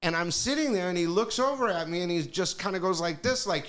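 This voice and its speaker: The speaker is a music executive on a podcast, swapping loose, profane stories and repeatedly checking "you know what I mean". He talks briskly in a high, somewhat bright voice.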